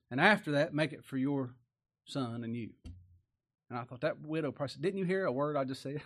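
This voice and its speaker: Folksy preacher with tag questions. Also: male voice, on the high side, fairly quick, fairly bright tone. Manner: folksy, rhetorical tag questions, chuckles often. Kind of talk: sermon.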